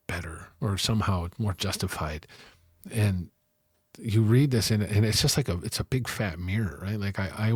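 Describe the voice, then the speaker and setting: A man's voice: lowish voice, breathy edge, dry recording, clean studio sound. A middle-aged man in a candid interview, earnestly recounting his past and acting out conversations with raised voices. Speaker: interview guest.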